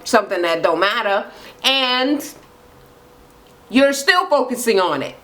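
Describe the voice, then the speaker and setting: Woman vlogger, casual profane recap, acts out quotes, slightly high voice. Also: a bit bright, rough recording.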